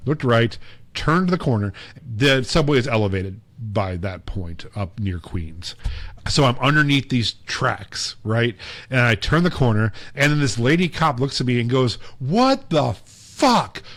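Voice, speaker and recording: In a mid-range, slightly bright voice with no echo, a podcast co-host spins long casual stories. He leans heavily on fillers and acts out the quoted lines.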